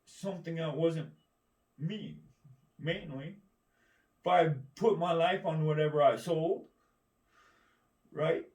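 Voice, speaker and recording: A man's voice: a little high, slow, pauses often, a little mellow. A man ranting in a rambling, combative monologue, swearing constantly and often asking "right?". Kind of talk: profane monologue rant. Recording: echoey room, distant mic.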